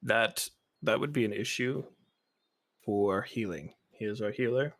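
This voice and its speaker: Slow, deliberate man playing a tabletop game. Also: lowish voice, a bit bright. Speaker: player.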